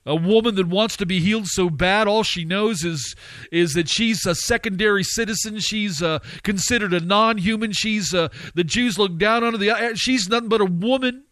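Male preacher, fairly high voice, dry close sound, fervent and questioning. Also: normal speed, a bit bright, no room sound. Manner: impassioned, surging to fervent high-pitched pleading; rhetorical questions to listeners. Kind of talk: radio sermon.

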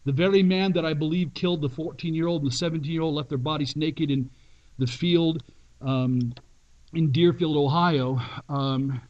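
A male pastor telling a dramatic story in a sermon, emphatic and with long pauses. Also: a little high, steady tone, lo-fi sound.

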